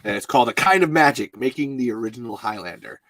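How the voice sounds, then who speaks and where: A man hosting a podcast, chatting casually and excitably, rambling and laughing as he reads listener messages. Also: medium pitch, fast talker, dry recording. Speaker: podcast host.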